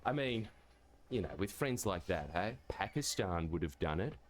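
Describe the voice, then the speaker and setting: A man with an Australian accent delivering a scripted comedy monologue in a sarcastic way, swearing casually and jumping into quick voices. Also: low-pitched, lively intonation.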